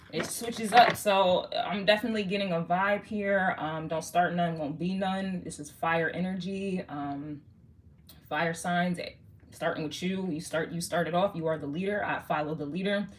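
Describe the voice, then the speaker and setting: A woman's voice: lowish voice, measured pace, fairly bright tone, slight background noise. A woman giving a casual tarot reading, slangy and swearing, talking straight to the viewer. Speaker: tarot reader.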